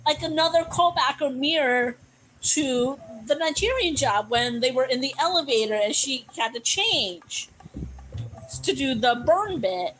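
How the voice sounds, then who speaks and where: A woman's voice: sits high, expressive, measured pace, a bit bright, a little hiss or hum, poor audio. A woman co-hosting a podcast, chatting playfully and emphatically about a TV episode. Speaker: podcast co-host. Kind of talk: casual chat recapping a TV episode.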